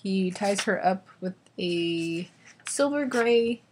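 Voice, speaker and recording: A woman's voice: mid-range voice, lively intonation, takes it slowly, a little mellow, a little hiss or hum. A young woman vlogger reviewing a book in a casual, exasperated rant, sarcastic and full of swearing and "like" fillers.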